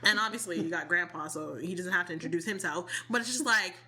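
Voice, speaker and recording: A woman co-hosting a chatty podcast, telling stories with lively acted-out quotes and frequent laughs. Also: on the low side, quick pace. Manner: animated storytelling, laughs often, acts out quotes. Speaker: podcast co-host. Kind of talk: casual chat.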